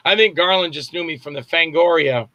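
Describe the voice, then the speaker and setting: Older man telling animated stories. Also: fairly high pitch, fairly quick, no room sound, highs cut off. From Florida, US. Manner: rambling storyteller acting out quotes. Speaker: guest actor and filmmaker. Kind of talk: casual anecdotal interview.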